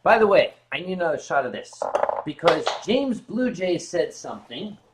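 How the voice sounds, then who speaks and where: A man's voice: a little high, very animated, normal speed, very noisy. A tipsy man hosting a casual drinking livestream, reading out viewer messages and joking around. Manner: reads viewer messages aloud, joking and rambling. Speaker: livestream host.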